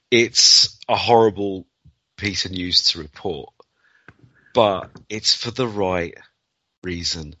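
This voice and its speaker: A male podcast host with a bright, tense voice who speaks slowly and deliberately. His delivery is dry and close to the mic, with somewhat dull sound. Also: low voice, no echo. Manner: emotional, playful. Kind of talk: casual podcast chat.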